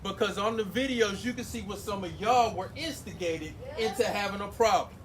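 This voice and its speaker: High-voiced man projecting to a crowd outdoors. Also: moderate pace, fairly bright tone. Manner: projects his voice, emotional, speaks directly to the crowd. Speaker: community speaker at public forum. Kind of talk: impassioned public speech. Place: outdoors at a street gathering. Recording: outdoor noise behind the voice.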